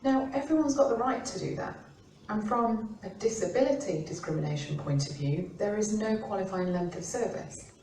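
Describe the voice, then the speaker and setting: A middle-aged woman from the UK, an employment law expert talking informally and acting out quoted remarks in lively voices. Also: mid-range voice, normal speed, a little hiss or hum. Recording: roomy, distant mic with faint ambience.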